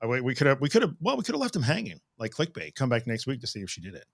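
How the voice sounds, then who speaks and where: A man's voice: medium pitch, huge pitch swings, very fast, gravelly, dry recording. A man co-hosting a podcast in a joking, playful way. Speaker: podcast co-host. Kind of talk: casual podcast chat.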